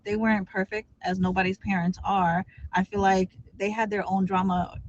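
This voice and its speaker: A woman's voice: mid-range voice, level tone, normal speed, dull audio. A woman guest chatting casually, upbeat and encouraging, with many "like" fillers. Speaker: guest streamer. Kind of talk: casual chat.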